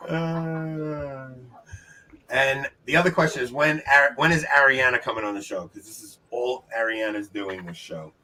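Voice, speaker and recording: A man with a Long Island New York accent hosting a casual trivia livestream from his home, upbeat and chatty, laughing often and tossing quick asides to the chat. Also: medium pitch, bright, forceful tone, slight background noise. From New York, United States. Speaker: trivia show host.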